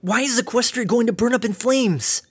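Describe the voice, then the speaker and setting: A man's voice: medium pitch, normal speed, lightly acted. A man voicing a weary, battle-scarred mare pony, tired and bitter. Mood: frantic.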